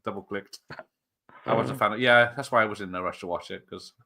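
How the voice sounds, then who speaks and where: Bright-voiced man joking about films. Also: on the low side, fast talker, creaky. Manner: joking, rambling, laughs often. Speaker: watch party host. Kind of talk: casual chat over a film.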